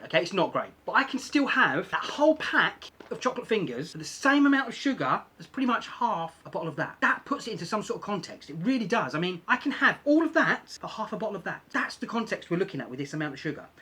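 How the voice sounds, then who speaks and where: A man talks through his points in a relaxed, self-deprecating way and often repeats himself for emphasis. His voice is husky and a little breathy. His pitch moves up and down in a lively way. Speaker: vlogger. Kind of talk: casual explanatory vlog.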